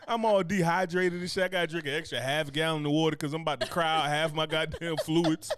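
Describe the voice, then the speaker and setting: A man's voice: a little high, clear, resonant tone, no echo. A man co-hosting a podcast, bantering and joking with lots of laughter. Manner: animated, joking, bursts into laughter. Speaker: podcast co-host. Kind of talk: casual comedic banter.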